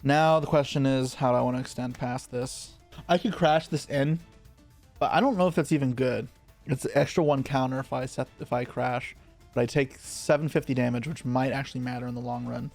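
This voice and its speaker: A man streams an online card game and comments live on each move as he makes it. His middling-pitched voice is steady in tone with vocal fry, and his quick muttered asides blur together as he thinks aloud over faint, soft music.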